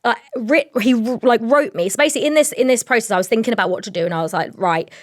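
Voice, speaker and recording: A young woman co-hosting a podcast, telling a story in a rambling, animated way with lots of fillers. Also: fairly high pitch, fast, no room sound, clean studio sound. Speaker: podcast co-host. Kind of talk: casual storytelling chat.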